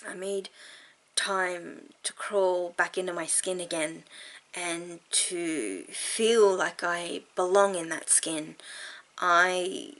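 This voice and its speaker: A woman's voice: lowish voice, steady tone, a bit bright. Tearful earnest woman vlogging. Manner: earnest and heartfelt, halting with sighs. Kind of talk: frank personal vlog talk.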